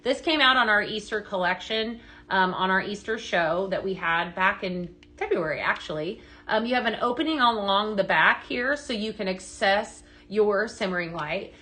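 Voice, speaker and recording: A woman's voice: mid-range voice, expressive, moderate pace, bright, forceful tone. A woman hosting a live product sale, chatting in an upbeat way with many fillers and tag questions as she shows items at a table. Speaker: live sale host for a home fragrance brand. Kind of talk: live shopping demo.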